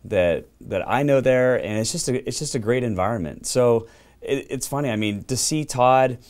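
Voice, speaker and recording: A man who works as a community correspondent, giving an earnest, halting answer that repeats words as he goes. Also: mid-range voice, a little mellow. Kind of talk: casual interview answer.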